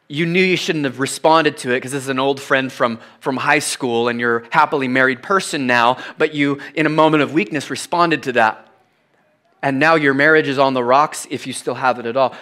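A middle-aged man, probably a pastor, preaching a sermon, telling a personal story animatedly and dropping to hushed, confessional tones. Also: on the high side.

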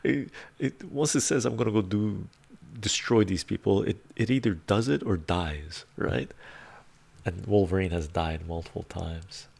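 A man hosting a casual live stream, soft-spoken and laid-back, reading chat, chuckling often and drifting into whispers. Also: deep voice, a little slow, gravelly, husky. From Canada.

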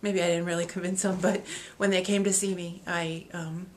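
A woman's voice: lowish voice, little pitch movement, moderate pace, slight background noise. A woman talking to her readers on video, emotional and gushing, who laughs and gets choked up as she opens gifts. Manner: reads a letter aloud. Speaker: author opening reader gifts.

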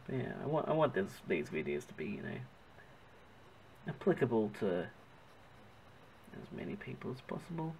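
An Australian man talks through his drawing in a loose, chatty ramble, correcting himself as he hunts for words. His voice is gravelly, with fry in it. A faint background hiss sits under the recording. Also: lowish voice, big pitch swings, moderate pace, pauses often, darkish tone, rough recording. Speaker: artist narrating his drawing. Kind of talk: casual rambling commentary while drawing.

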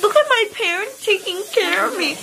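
A woman's voice: very high voice, moderate pace, vocal fry. A teenage girl talking through a numb mouth after her wisdom teeth were taken out. She is groggy, teary and rambling, and keeps saying how much she loves her parents. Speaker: vlogger recovering from wisdom teeth removal. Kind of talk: casual vlog chat. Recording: noisy background.

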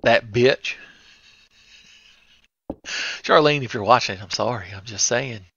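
This man talks slowly in a medium pitch, with vocal fry and a slightly rough, somewhat bright quality. He is a let's play host joking crudely and sarcastically as he plays a retro horror game for comedic commentary. The audio comes from a slightly dull lo-fi mic with faint hiss.

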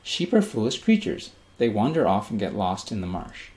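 A man voicing a gentle young mother who softly soothes her frightened child at bedtime in a storybook reading. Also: lowish voice, sing-song, moderate pace, reverberant. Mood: soothing.

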